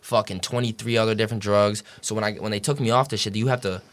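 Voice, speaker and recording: A man's voice: on the low side, steady tone, fast talker. A young man telling a story as a podcast guest, casual and profane, packed with "like" and "dude".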